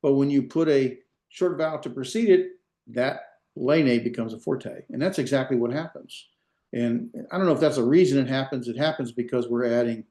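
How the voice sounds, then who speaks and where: A man's voice: medium pitch, mellow. Man teaching in an echoey room. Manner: patient, quizzes students with frequent "right?". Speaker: instructor. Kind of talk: online classroom lecture.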